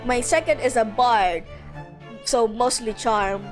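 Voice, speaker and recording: A woman's voice: on the high side, slow pace, faint music behind. A woman streamer chatting casually and giggling while playing a game. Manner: giggly, chatty, talks to chat and friends.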